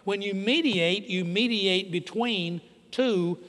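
High-voiced preaching pastor in a reverberant hall. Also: male voice, takes it slowly. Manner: swings between hushed intimate lines and loud emphatic preaching. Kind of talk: sermon. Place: church sanctuary. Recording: long reverb of a church hall.

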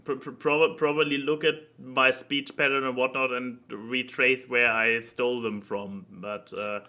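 A man's voice: mid-range voice, flat delivery, unhurried, pushed and bright. A man co-hosting a casual podcast, chatting with dry, joking asides. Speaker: podcast co-host.

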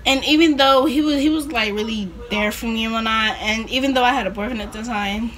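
A woman's voice: a little high, fairly quick, a bit bright. A young woman vlogger chatting casually through a rambling personal story, full of fillers and laughing asides.

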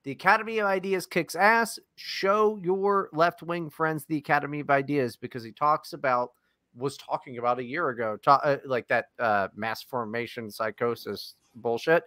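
A man's voice: a little high, steady tone, moderate pace, bright, forceful tone, no room sound, studio quality. A man co-hosting a podcast in casual chat, teasing and swearing in jokey banter. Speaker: podcast co-host.

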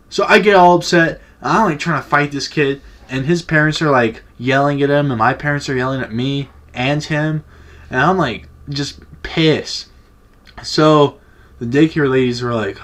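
A man's voice: a little high, moderate pace. A young man vlogger telling a childhood story in a casual, profane, laid-back way.

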